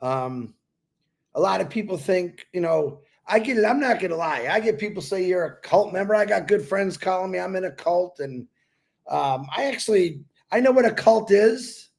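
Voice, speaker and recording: A man's voice: sits high, lively intonation, moderate pace, creaky, a little mellow. An older retired man with a congested voice, talking in an easygoing, reflective way on a pre-recorded show and laughing now and then. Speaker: co-host. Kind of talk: pre-recorded casual talk.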